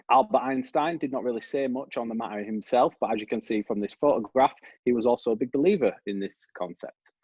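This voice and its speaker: A man with a broad Yorkshire accent talks through his research in an easygoing lecturing manner. His voice sits on the low side with a husky edge. The audio is dry and dull, like a video call. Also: darkish tone, no room sound. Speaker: researcher giving a talk. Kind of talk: online academic presentation.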